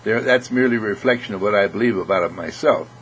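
A man giving an earnest inspirational spiritual talk, repeating phrases and often clearing his throat. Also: on the low side, fast talker, slight background noise, low-quality recording. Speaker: spiritual speaker.

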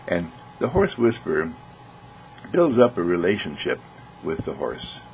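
Low gravelly guy telling soft little stories, gentle way of talking. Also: slight background noise, poor audio. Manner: gentle, storytelling with acted voices. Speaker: speaker. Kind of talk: reflective talk.

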